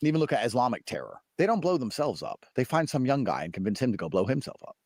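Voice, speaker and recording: Low voiced guy arguing hard, swings up and down a lot, dry close sound. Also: very animated, fast talker, darkish tone, husky, no echo. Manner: emphatic, sarcastic arguing. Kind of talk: argumentative talk.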